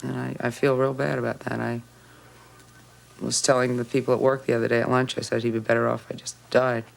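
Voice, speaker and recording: A mother talks in a documentary interview, downcast and confessional. Her voice is gravelly and creaky, and she speaks as a smoker. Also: rumbling low, flat delivery, fast.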